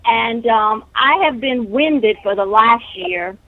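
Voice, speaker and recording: A woman's voice: fairly high pitch, takes it slowly, no echo. A woman calling in by phone, short of breath, earnest and rambling as she describes her symptoms. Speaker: caller. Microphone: telephone. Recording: tinny dry phone line.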